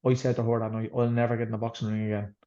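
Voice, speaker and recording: A man's voice: on the low side, flat delivery, rapid-fire, warm tone. An Irish boxer telling his story in an interview, blunt and swearing freely, rambling as he goes. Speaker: boxer, guest. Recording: slightly dull lo-fi sound.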